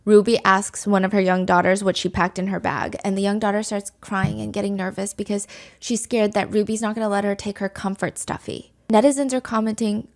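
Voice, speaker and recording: A woman's voice: mid-range voice, level tone, a little fast, a little mellow. A woman hosting a podcast, telling a true crime story in a candid, conversational way. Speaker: podcast host.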